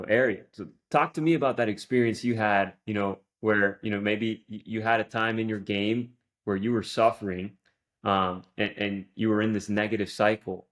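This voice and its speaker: A man hosting a golf podcast, talking in a motivational way and repeating phrases for emphasis. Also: lowish voice. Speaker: podcast host. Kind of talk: casual podcast interview.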